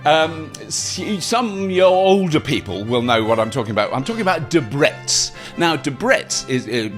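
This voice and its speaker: Animated Gloucestershire man hosting news. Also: mid-range voice. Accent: Gloucestershire English. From Gloucestershire, England. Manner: playful, jokey, mock-outraged asides. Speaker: host. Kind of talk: monthly news roundup.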